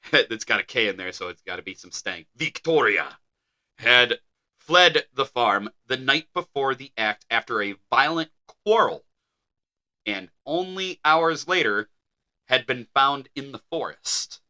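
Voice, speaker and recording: A man's voice: medium pitch, expressive, a little slow, pushed and bright. A man co-hosting a podcast, reading an article aloud with wry asides. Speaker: podcast co-host. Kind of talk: reading a story aloud in casual banter.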